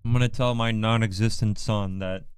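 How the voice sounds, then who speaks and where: Joking male streamer with a smooth, resonant voice and a dry, close sound. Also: lowish voice, steady tone, moderate pace, dry recording. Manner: joking, teasing banter. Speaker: livestreamer. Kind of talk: casual livestream chat.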